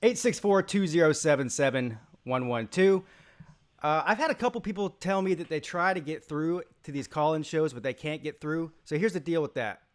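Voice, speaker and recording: A man's voice: on the high side, normal speed. A tired man hosting a live call-in sports show, talking casually and rambling as he reads out chat names. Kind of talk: casual live-stream talk.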